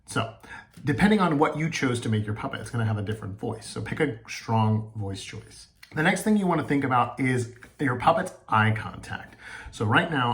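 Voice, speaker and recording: A male teacher giving a home lesson on making and performing puppets, with friendly step-by-step instructions. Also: fairly low pitch. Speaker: elementary school teacher. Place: at home by a table.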